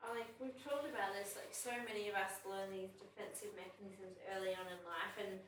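A woman co-hosting a Christian podcast, reading a passage aloud and reflecting in a measured way that poses questions to listeners. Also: mid-range voice, steady tone, fairly bright tone, heavy reverb, far from the mic, slight background noise, rough recording. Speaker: podcast co-host.

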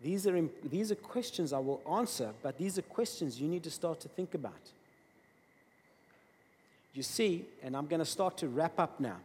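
A man preaching a sermon, emphatic, swinging between loud bursts and quiet asides. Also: fairly high pitch, lively intonation, normal speed, slightly rough. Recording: long reverb of a large hall.

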